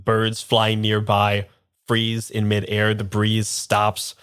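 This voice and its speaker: A man's voice: lowish voice, monotone, slow, a bit bright, clean tone. A man narrating as game master of a tabletop game, in a loose, filler-heavy way.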